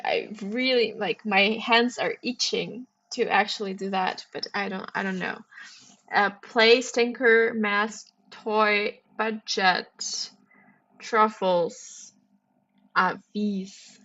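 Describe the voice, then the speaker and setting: A woman's voice: on the high side, sharp tone, dull audio. A woman hosting a casual livestream, musing aloud and chatting playfully as she solves puzzles. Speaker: livestream host solving puzzles.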